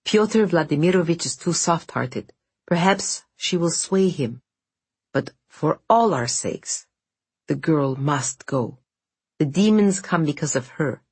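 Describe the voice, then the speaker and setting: A woman reading the part of an anguished male priest who pleads and presses urgently, in a husky voice. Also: sits low, lively intonation, slow, a little mellow, full character voice.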